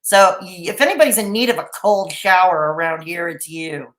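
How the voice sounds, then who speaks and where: A woman's voice: lowish voice, moderate pace, fairly bright tone. Sarcastic lady reacting to a vid, reads chat, laughs a lot, echoey. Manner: sarcastic, laughing, mocking asides. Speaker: commentary streamer reacting to a video. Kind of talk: casual reaction commentary reading chat.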